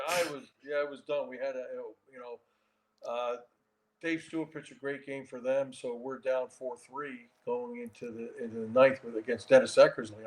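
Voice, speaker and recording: A man in his sixties recounting old baseball stories in a relaxed interview. He talks in an animated way, restarting his sentences as the memories come back. His pitch sits in the middle of the usual range for men. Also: low-quality recording. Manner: animated storyteller with frequent restarts. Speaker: guest, former baseball catcher and manager. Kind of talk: storytelling in a casual interview.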